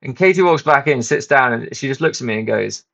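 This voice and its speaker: A man's voice: mid-range voice, animated, a little fast, gravelly, a bit bright. Self-mocking man telling a story. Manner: self-mocking, rambling, swears a lot. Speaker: channel host. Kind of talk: casual storytelling.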